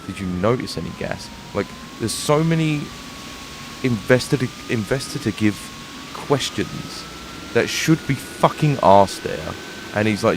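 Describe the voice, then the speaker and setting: A man's voice: medium pitch, big pitch swings, slow pace, pauses often. A man with a London accent streaming a game and ranting in frustration, swearing often. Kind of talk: live gameplay commentary. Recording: noisy home stream recording.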